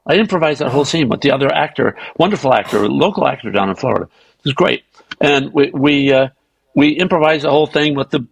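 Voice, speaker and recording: Older male guest, raspy and gravelly, animated raconteur, close dry mic. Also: mid-range voice, no room sound, low-quality recording. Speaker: guest actor. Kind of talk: anecdotal storytelling.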